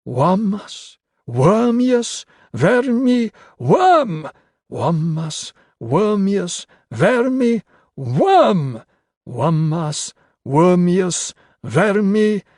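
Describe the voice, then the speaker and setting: A man's voice: very high voice, expressive, drawn-out words, a little mellow, no room sound, studio quality, pitched above the performer's own voice, full character voice. A man voicing a frantic male cult wizard who shrieks commands in a gurgling, glutinous voice. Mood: chanting.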